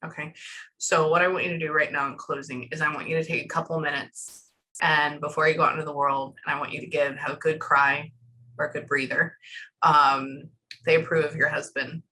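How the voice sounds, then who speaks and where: A woman psychic medium on a video call with a client, telling excitedly what she hears in quick quoted bursts. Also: low-pitched, rough recording. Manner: animated, breathless storytelling with many quotes. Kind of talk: reading for a client.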